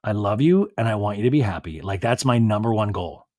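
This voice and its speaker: A man's voice: lowish voice, lively intonation, brisk, dark tone, no echo, studio quality, pitched below the performer's own voice, close to an everyday voice. A man voicing an earnest young husband from a reality show, reassuring and sincere.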